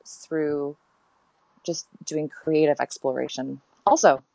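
A woman's voice: deep voice, fairly even intonation, takes it slowly, gravelly, a little mellow, no room sound, rough recording. A woman in her thirties, a guest in a casual interview, talking candidly and reflectively with many fillers and restarts.

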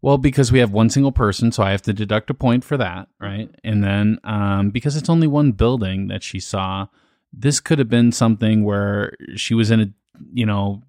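A man's voice: fairly low pitch, moderate pace, darkish tone, no echo, clean studio sound. A man co-hosting a podcast in casual chat, easygoing and thinking aloud with joking asides. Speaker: podcast co-host.

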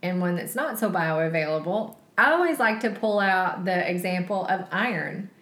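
A woman's voice: lowish voice, animated, normal speed, a bit bright, reverberant. A woman in her forties co-hosting a podcast, talking in an enthusiastic, chatty way. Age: 40s. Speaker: podcast co-host. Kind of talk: casual chat.

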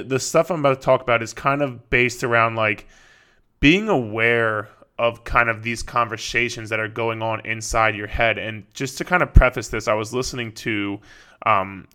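A man's voice: lowish voice, sharp tone, smooth. A young man hosting a fitness podcast, talking in a casual, profane, rambling way with lots of fillers and restarts. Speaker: fitness coach and podcast host.

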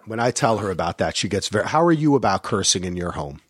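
A middle-aged man co-hosting a casual chat about a movie, telling lively stories and jumping into high voices when he quotes people. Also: fast talker, husky, no room sound, studio quality. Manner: animated storytelling, jumps to high voices when quoting. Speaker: podcast co-host. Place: lives in Portland, grew up in New Jersey.

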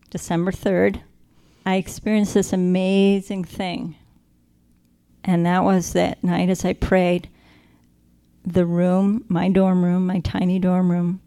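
A woman sharing a personal faith testimony, earnest and reflective, slowing down to stress key moments. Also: lowish voice, mellow, clean tone. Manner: earnest, reflective, slows down for emphasis.

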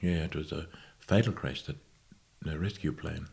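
A man, a guest musician, recalling his past in a casual interview with unhurried, halting, self-correcting speech. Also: a bass voice, gravelly, a little mellow. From Australia.

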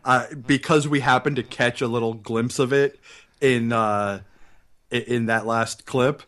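A man's voice: mid-range voice, fairly even intonation, a little slow, fairly bright tone. A young man co-hosting a casual movie review podcast, enthusiastic and giggly, swearing freely. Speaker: podcast co-host.

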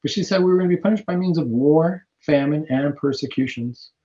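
A man's voice: fairly high pitch, a little fast, warm tone. A man hosting a Catholic radio talk show, speaking earnestly in a preaching manner, with fillers and restarts. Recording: dull lo-fi radio audio.

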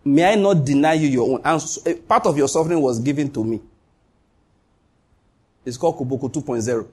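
A man's voice: medium pitch, a little fast, a little mellow, a little hiss or hum. A man preaching a sermon as pastor, emphatic, repeating his points and swinging his voice up and down.

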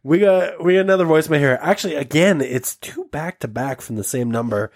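A man's voice: fairly high pitch, fairly quick. A man from Canada hosting a podcast, joking loosely and swearing freely in casual banter. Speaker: podcast host.

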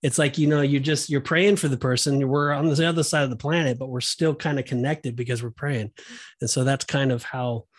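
A man's voice: medium pitch, steady tone, brisk, no room sound, studio quality. A man hosting a podcast in casual chat, talking in a rambling way with plenty of fillers and restarts. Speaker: podcast host.

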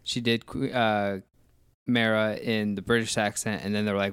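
A man's voice: on the low side, little pitch movement, moderate pace, a bit bright, clean tone, dry recording, studio quality. A man casually discussing movies on a podcast, rambling and full of questions and restarts.

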